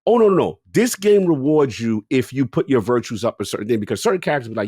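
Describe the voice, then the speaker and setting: Talking fast with hardly any pauses, a gaming podcast co-host spins a long story in casual chat. He is animated, his pitch swinging widely as he acts out his own reactions, and his voice carries a breathy edge. The recording is dry and close, with no echo.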